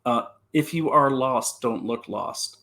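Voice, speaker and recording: A man with a rough, gravelly voice talks through safety tips on a live stream. He tells stories with energy and often trips over his first words before he gets going. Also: medium pitch, slow pace. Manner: animated storyteller, repeats words when starting. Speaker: security consultant. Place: home, talking to a computer.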